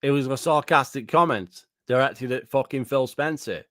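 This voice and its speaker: A man's voice: medium pitch, moderate pace, fairly bright tone, no echo, clean studio sound. A man, a gaming YouTuber ranting angrily and profanely, repeating himself as he reacts to a video. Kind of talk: angry reaction rant.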